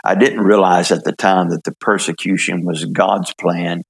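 An older man from the United States telling his story in an interview, halting, with many fillers and restarts. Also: sits low, steady tone, creaky, breathy edge. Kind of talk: relaxed testimony in conversation.

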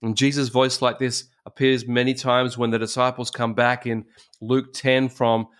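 A man's voice: medium pitch, little pitch movement, normal speed, clear, resonant tone. A male pastor with an Australian accent, preaching a sermon in a fervent way and repeating phrases for emphasis. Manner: fervent, repetitive exhortation with restarts.

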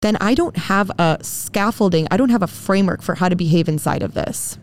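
A woman's voice: fairly low pitch, fairly quick. A woman guest on a dental podcast, chatting casually and acting out the people in her stories. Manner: storytelling, acts out quoted dialogue.

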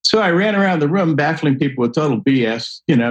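An older man telling a long personal story in a casual, animated way, acting out the voices of people he quotes. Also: a little high, quick pace, poor audio. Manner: animated, acts out quoted voices, laughs often. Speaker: guest storyteller.

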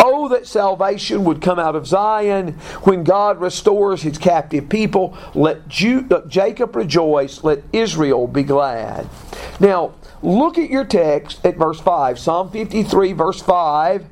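A man teaching a Bible class, reading passages slowly and deliberately and putting questions to his students. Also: sits high, expressive, a little mellow.

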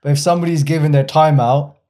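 Calm affirming co-host, mellow warm man's voice. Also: fairly high pitch, fast. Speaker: podcast co-host. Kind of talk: casual chat.

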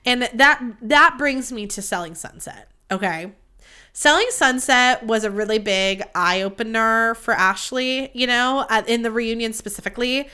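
Bright-voiced young woman ranting on her podcast. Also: a little high, measured pace, clear, resonant tone. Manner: candid, rambling, swears freely. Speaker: podcast host. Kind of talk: casual solo podcast chat.

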